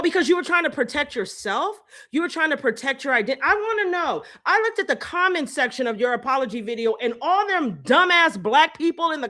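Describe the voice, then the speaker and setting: A woman's voice: high voice, pushed and bright. A woman hosting a live-stream commentary, heated and profane, hammering her points with repeated rhetorical jabs into a phone. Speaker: host.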